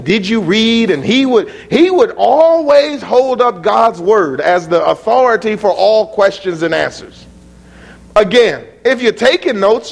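A man preaching a sermon, citing scripture chapter and verse, dropping to low asides and rising to near-shouted peaks.

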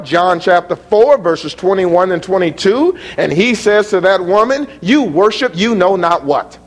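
A man preaching a sermon, citing scripture chapter and verse, dropping to low asides and rising to near-shouted peaks. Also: expressive, a little slow, hardly any pauses.

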